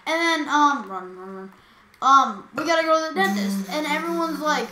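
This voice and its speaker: A woman's voice: high voice, moderate pace. A teenage girl co-hosting a podcast, telling school stories in a casual chat and acting out what people said. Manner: animated storytelling, acts out quotes. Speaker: podcast co-host. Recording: echoey room.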